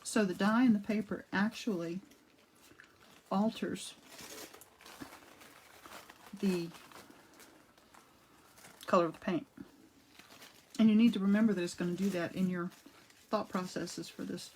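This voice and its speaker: A woman's voice: medium pitch, fairly even intonation, unhurried, long pauses, darkish tone, a little hiss or hum, low-quality recording. A woman hosting a casual live-streamed craft demonstration, chatting and greeting viewers as she goes, with a cough drop in her mouth. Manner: chatty, greets viewers by name mid-demo; rambling, with frequent restarts and asides. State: talking around a cough drop. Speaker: art demo host. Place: home art studio.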